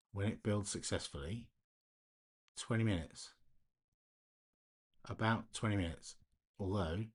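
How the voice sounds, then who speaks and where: A deep, slightly husky man chats casually on a late-night live stream, half-muttering to himself as he works. He keeps his voice down at home, and the sound is close and dry. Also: dry recording. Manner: talks to himself while working, quiet and muttering.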